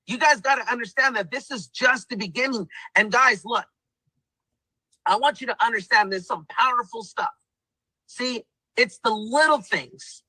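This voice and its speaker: A man's voice: very high-pitched, normal speed, pushed and bright, husky, no room sound, low-quality recording. A man giving an emphatic motivational pep talk, repeating himself and calling the viewers guys. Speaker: testimonial speaker.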